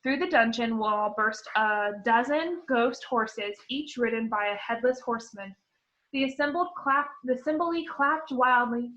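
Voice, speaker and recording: A woman teacher reading a storybook aloud to children, expressive and clear. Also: on the high side, a little slow, dull audio.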